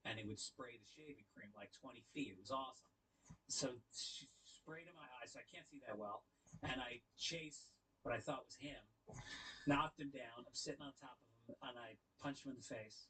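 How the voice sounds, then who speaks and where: A man's voice: mid-range voice, a bit bright, breathy edge, low-quality recording. A man from the New York area telling a casual comic story in a laid-back way, laughing at his own tales. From New York area, USA.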